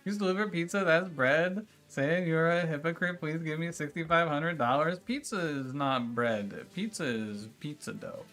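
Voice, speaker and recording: A man's voice: on the high side, normal speed, few pauses, a bit bright, soft background music. A man streaming a game who rants and argues with his chat, swearing and exasperated. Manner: exasperated, profane ranting; argumentative, talking back to chat. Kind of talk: casual livestream chat with viewers.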